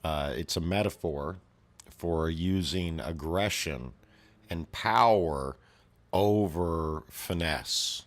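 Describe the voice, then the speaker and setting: A deep-voiced man casually retells a violent comic story, loose and rambling with fillers. He swears freely and keeps breaking into clanks, whooshes and other sound effects. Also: slow pace. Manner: profane, full of sound effects.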